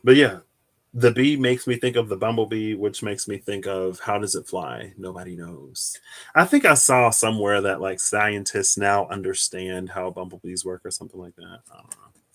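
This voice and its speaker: Rambling young man with a bright voice. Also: normal speed. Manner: rambling storyteller, animated, bursts into high-pitched squeals and laughter. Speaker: tarot reader and streamer. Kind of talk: casual live-stream chat while reading tarot.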